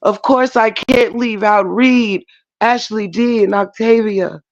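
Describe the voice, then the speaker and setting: Sassy high-voiced man, flat lo-fi sound. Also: slow, no room sound. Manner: profane, sassy, mocking, laughing. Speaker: livestream commentator. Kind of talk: casual drama commentary.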